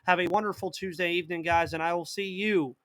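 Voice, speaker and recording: A man's voice: high-pitched, fairly even intonation, quick pace, fairly bright tone. A man hosting a live sports podcast in casual chat, reading out viewer comments and answering them, with a slight cough. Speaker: podcast host.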